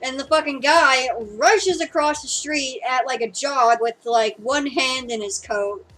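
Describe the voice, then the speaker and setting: A woman's voice: high voice, a little slow, fairly bright tone, faint music behind, low-quality recording. A young woman from Seattle chatting casually, rambling with lots of fillers and swearing. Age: young adult. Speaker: podcast co-host. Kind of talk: casual chat.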